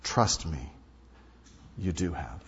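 A male pastor preaching a sermon, emphatic, repeating key lines and swinging between loud and hushed delivery. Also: a bass voice, animated, slow pace, a little hiss or hum. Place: large hall or sanctuary. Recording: dull sound with long hall reverb.

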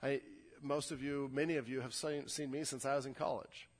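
This young man is a pastor delivering an earnest sermon, repeating words as he builds toward a point. He speaks briskly at medium pitch with fairly even intonation, and the church sanctuary gives a long hall reverb.

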